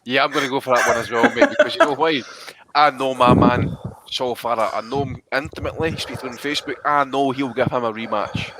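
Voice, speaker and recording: A man's voice: medium pitch, animated, fast, very noisy. A man co-hosting a podcast, rambling offhandedly. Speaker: podcast co-host. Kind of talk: casual banter.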